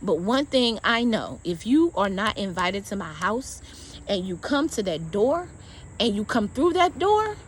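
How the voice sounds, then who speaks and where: A woman's voice: mid-range voice, very animated, a little slow, a little hiss or hum. A woman bluntly retelling a personal story in casual, profane talk, acting out the dialogue.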